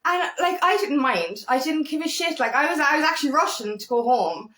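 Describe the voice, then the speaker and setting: Woman, 30s, high voice, rambling and sweary coach, echoey room. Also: a little fast. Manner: rambling, animated, frequent swearing. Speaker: feminine empowerment coach. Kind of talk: casual monologue.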